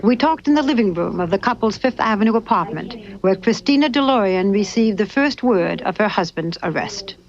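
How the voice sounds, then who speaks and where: A woman reporter narrating a news segment and interviewing, in a measured, crisp delivery. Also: mid-range voice, expressive. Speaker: TV news correspondent. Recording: dull lo-fi 1980s TV audio with faint noise.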